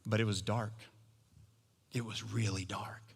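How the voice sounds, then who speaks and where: A man's voice: lowish voice, fairly even intonation, a little slow, creaky, breathy edge. A middle-aged man preaching a sermon, telling a personal story in a conversational, humorous way. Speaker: pastor. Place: church sanctuary. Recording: long hall reverb.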